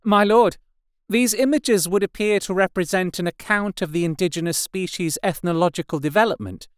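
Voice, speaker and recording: A man's voice: high voice, normal speed, clean tone, no room sound, clean studio sound, voice pushed up, lightly acted. A man putting on a formal woman explorer. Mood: earnest, formal. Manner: formal, precise. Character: female scholarly explorer, formal and deferential.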